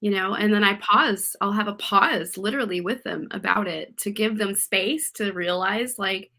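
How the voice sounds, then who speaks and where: A woman co-hosting a talk show, explaining her approach in a calm, measured way with examples. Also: medium pitch, creaky. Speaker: podcast co-host. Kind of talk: casual chat.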